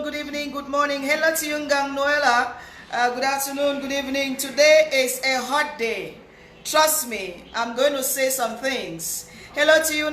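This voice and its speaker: A woman with a high, slightly bright voice hosts a live stream, greeting viewers by name in a chatty, repetitive way. A cold leaves her sounding thick and nasal. The room is echoey, with a faint hiss underneath.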